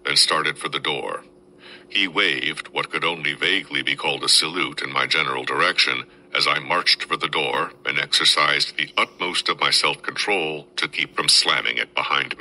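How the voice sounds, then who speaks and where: A man, a podcast host, reading a first-person military memoir aloud in steady storytelling. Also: rumbling low, poor audio.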